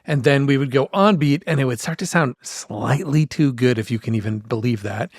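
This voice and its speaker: Man in his forties, casual podcast co-host, rambling and self-mocking, medium pitch, dry close sound. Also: moderate pace, dry recording. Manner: rambling, self-deprecating, laughs often. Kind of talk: casual chat.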